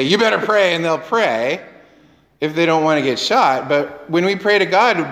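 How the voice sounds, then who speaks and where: Slow high-voiced pastor in reverberant hall. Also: male voice, fairly bright tone. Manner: conversational, quizzes the congregation, acts out quoted dialogue. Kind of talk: sermon.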